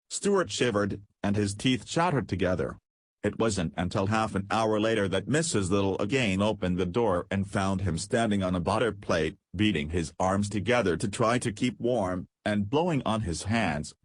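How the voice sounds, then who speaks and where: A man narrating a children's audiobook in a steady, measured reading voice with a husky tone. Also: fairly low pitch, no room sound. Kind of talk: scripted narration.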